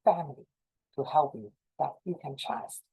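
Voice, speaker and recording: Through phone-quality audio comes the deep, animated voice of a middle-aged Chinese-accented woman from China, breathy and with vocal fry, at a normal pace. In an informal talk on a video call to fellow association leaders, she earnestly repeats her advice and encourages them.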